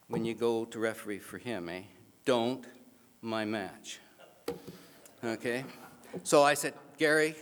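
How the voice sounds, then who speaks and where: A man giving an animated, self-mocking storytelling speech at an awards event, acting out the other people in his story. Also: mid-range voice. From Canada. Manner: animated, self-mocking anecdote with acted-out voices. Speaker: awards speaker. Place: banquet hall. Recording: reverberant hall PA sound.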